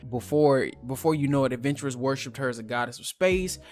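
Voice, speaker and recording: A man's voice: mid-range voice, fast, a little mellow, faint music behind. A man casually recapping a manga chapter, talking loosely with lots of fillers and slang. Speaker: manga reviewer.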